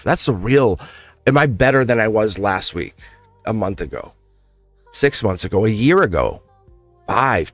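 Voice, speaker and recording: A man's voice: mid-range voice, no echo. A man reading tarot on a live stream, chatting casually and addressing viewers directly with frequent laughs. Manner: animated, chatty, laughs often, talks straight to viewers.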